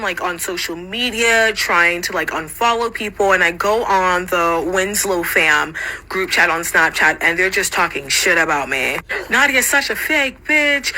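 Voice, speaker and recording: A young woman recounts a story from her school days in a casual vlog. Her voice is strikingly bright and sharp, and she talks with lively swearing, leaping up in pitch whenever she quotes someone. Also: poor audio. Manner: animated, swearing, jumps into high voices when quoting others.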